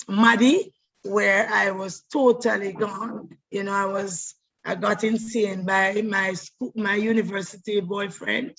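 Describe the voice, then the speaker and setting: A middle-aged actress, telling her life story in an animated way, often repeating words as she goes. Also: medium pitch, gravelly, low-quality recording. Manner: animated, repeats words, breaks into voices and laughter. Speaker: stage actress. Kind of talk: personal storytelling monologue.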